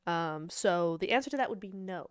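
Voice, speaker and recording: A young woman casually chatting with her livestream chat as an esports caster and analyst, bubbly and quick to laugh. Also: fairly low pitch, expressive, clear, resonant tone, no echo, studio quality.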